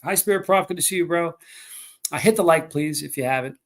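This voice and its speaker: A man's voice: a little high, a little fast, fairly bright tone. A man hosting a live stream, rambling through stories and chatting with viewers. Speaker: livestream host. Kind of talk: casual live stream chat.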